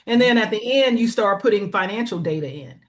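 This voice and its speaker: A woman's voice: mid-range voice, expressive, brisk. A woman as an interview guest, explaining business funding plainly and checking in with "right?". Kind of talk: conversational interview.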